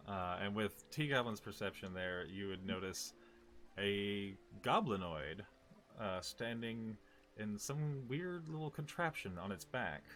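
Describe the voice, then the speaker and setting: A man's voice: lowish voice, takes it slowly, fairly bright tone, a little hiss or hum. A man narrating as game master, rambling with laughing self-corrections.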